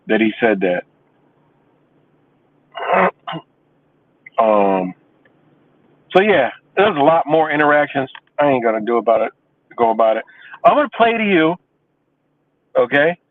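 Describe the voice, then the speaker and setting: A man's voice: medium pitch, a little hiss or hum. A man hosting a live stream, ranting about a message with profane, boastful scorn. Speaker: livestream host. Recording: dry, tinny phone-like sound.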